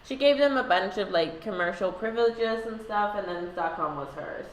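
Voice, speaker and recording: A woman's voice: medium pitch, normal speed. A woman vlogger telling a history story in a casual, irreverent way, with lots of "like" and swearing. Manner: irreverent, sarcastic, filler-heavy, swearing. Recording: echoey room.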